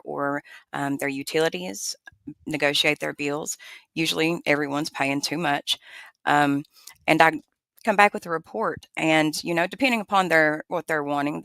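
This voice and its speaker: A woman with an Appalachian accent, a guest answering interview questions in an earnest, soft-spoken way. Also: sits low, gravelly, smooth, no room sound. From Appalachian Virginia.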